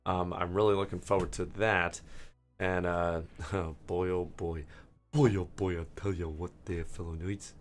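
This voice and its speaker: A man hosting a gaming channel, rambling and ranting with frequent swearing while he starts a match; his throat is hoarse. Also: sits low, flat delivery, unhurried. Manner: profane, ranting, digressive.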